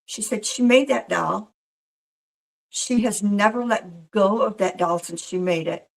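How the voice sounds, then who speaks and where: With a mid-range, gravelly voice and measured pace, a woman who works as a professional Mrs. Claus animatedly acts out the voices of people in her story during a casual interview. The audio is poor.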